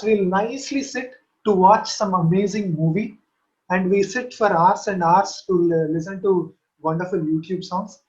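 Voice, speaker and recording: A man giving an earnest teaching sermon, repeating key phrases to urge his listeners on, recorded from an online session. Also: high voice. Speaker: Christian teacher. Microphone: online call. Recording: dull lo-fi online session audio.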